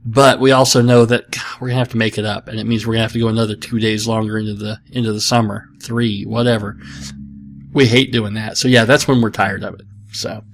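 A man's voice: fairly low pitch, little pitch movement, fast talker, creaky, noisy background. A man hosting a podcast, answering listener questions in a casual, joking way with sarcastic asides and self-mockery. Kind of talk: casual comedic chat.

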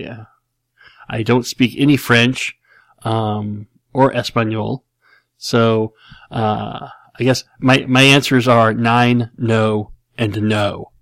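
A man's voice: medium pitch, creaky, no echo. A man in his forties hosting a casual show, reading out listener questions and answering them in a rambling, self-deprecating way with frequent chuckles. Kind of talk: casual chat.

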